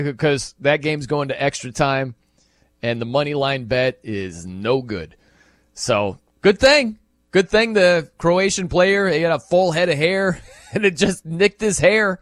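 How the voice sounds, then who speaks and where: A man hosting a sports radio show, talking casually and acting out quoted reactions with sudden jumps in pitch. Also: no room sound, studio quality. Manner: animated, acts out quoted reactions in bursts. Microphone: studio microphone.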